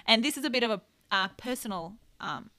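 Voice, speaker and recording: A woman from Italy, chatting as a guest nutritionist in an animated, expressive way. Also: a little high, a little fast, no echo. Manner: animated, expressive, laughs readily. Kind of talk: casual podcast chat.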